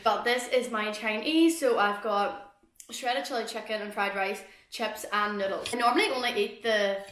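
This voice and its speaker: A woman's voice: on the high side, sharp tone, reverberant. A young woman with a Northern Irish accent, chatting casually to camera while eating. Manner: chatty, rambling, eating between sentences. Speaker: vlogger.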